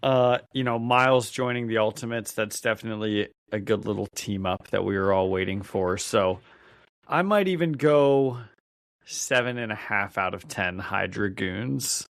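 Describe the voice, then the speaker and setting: A man's voice: fairly low pitch, normal speed, vocal fry, no room sound, studio quality. A man co-hosting a podcast, chatting casually and easily, with some hesitant fillers. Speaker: podcast co-host.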